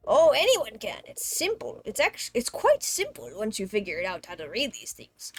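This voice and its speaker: A woman's voice: a little high, wildly swooping pitch, moderate pace, fairly bright tone, slight background noise, exaggerated voice. A woman voicing an eager elderly male mill keeper in a cozy video game, fussy and enthusiastic.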